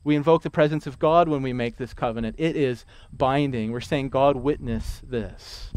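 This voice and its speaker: A man preaching a sermon, emphatic, repeating key lines slowly for weight. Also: medium pitch, darkish tone, clean tone. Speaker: pastor.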